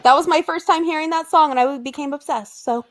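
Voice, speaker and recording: Her voice high-pitched and her pace a little fast, a twenty-something woman co-hosting a podcast tells stories over casual conversation. She delivers them with drama and animation, playing out people's lines.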